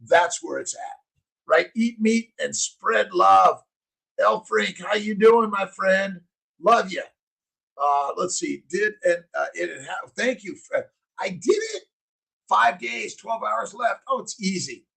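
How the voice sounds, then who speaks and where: A man's voice: sits high, expressive, slow pace, creaky, slightly rough, rough recording. A man, a doctor, hosting a rambling, upbeat morning live stream, chatting casually and greeting viewers by name. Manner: rambling, upbeat, shouted bursts of encouragement.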